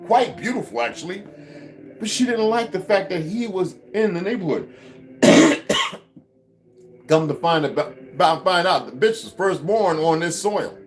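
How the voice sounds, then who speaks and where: A man delivering a heated, profane vlog rant full of mockery and swearing. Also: normal speed. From United States. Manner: heated, swearing, mocking, lively swings in pitch. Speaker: vlogger. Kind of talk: profane ranting monologue.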